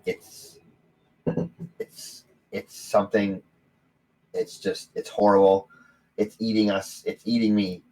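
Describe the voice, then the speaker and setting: A man voicing a frightened, bearded old tavern sleeper who speaks in halting, quiet fear. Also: fairly low pitch, wildly swooping pitch, exaggerated voice, poor audio. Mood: fearful.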